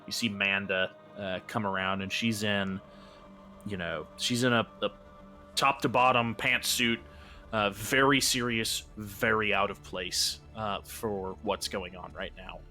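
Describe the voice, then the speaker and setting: Low-voiced man running a tabletop game. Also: a little slow, soft background music. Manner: relaxed, rambling narration with many fillers. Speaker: game master.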